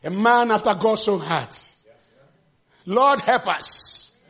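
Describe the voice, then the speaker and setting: A man preaching a sermon with passion, shouting refrains and acting out the scripture quotes. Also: animated, takes it slowly, husky. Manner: acts out quotes with sudden pitch jumps.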